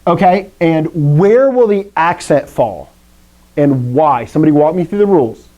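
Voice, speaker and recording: A man's voice: on the high side, lively intonation, normal speed, mellow. A middle-aged man teaching a classroom language lesson, explaining rules step by step with jokey asides. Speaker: Greek teacher. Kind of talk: classroom lecture.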